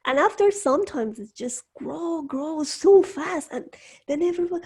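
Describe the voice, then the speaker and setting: A woman hosting an interview from her home studio, speaking English as a second language, slow and halting, with frequent restarts. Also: high-pitched, lively intonation, a little mellow. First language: not English. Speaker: host. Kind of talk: casual interview chat.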